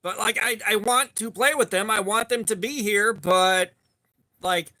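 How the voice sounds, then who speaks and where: A man with a high, bright voice hosts a casual live stream. He greets viewers one after another by name and rambles loosely from topic to topic. His tone is forceful and upbeat. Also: unhurried. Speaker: livestream host.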